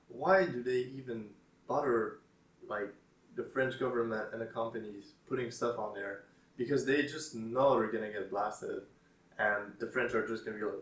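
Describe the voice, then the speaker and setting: Hesitant sarcastic man, far from the mic. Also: mid-range voice. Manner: hesitant, many fillers, dry sarcastic asides. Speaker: YouTuber reading tweets. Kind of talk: casual commentary. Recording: roomy echo, distant mic.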